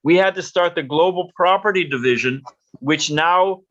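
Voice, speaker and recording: A man delivers a leadership lecture in a somewhat high voice. He tells stories and acts out what people said. The audio is dull and lo-fi. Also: moderate pace, fairly bright tone.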